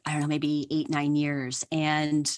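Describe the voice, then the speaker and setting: A woman's voice: low-pitched, monotone, unhurried, darkish tone. Chatty, giggly woman telling history stories. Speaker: podcast guest. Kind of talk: casual interview chat.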